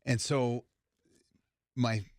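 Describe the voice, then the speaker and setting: A man co-hosting a morning radio show, telling a relaxed anecdote in casual studio chat. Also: medium pitch, drawn-out words, dry recording.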